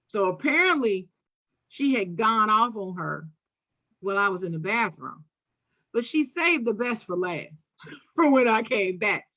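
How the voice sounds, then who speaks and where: A podcast co-host with a Philadelphia accent narrates a childhood memory in a mid-range voice, a little on the slow side. The show is casual, and she brings it to life by acting out the quoted voices.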